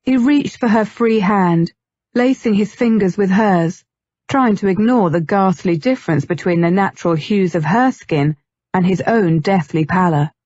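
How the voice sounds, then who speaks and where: Woman reading an audiobook, slow and measured, dry dead-sounding room. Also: mid-range voice, a little mellow, no echo, muffled recording. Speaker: audiobook narrator. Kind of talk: scripted narration.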